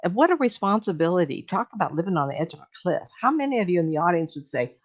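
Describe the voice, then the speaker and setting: An older woman speaks to a live audience as a medium, wandering from one story to the next and acting out the voices of the people in them. Her voice sits low for a woman, and she often breaks into laughter. The recording sounds dull and lo-fi. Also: expressive, fast, hardly any pauses. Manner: chatty, meandering storytelling with laughs and acted-out quotes.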